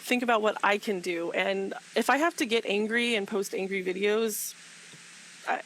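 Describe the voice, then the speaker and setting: A woman's voice: mid-range voice, moderate pace, fairly bright tone, a little hiss or hum, rough recording. A woman speaking with passion in a casual group talk, repeating herself and laughing often. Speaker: guest speaker in a live fan discussion.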